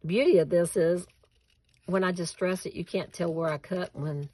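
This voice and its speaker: A woman's voice: fairly low pitch, steady tone, normal speed, a little mellow. A woman hosting a casual craft tutorial at home, chatting with viewers and laughing at herself as she cuts and glues.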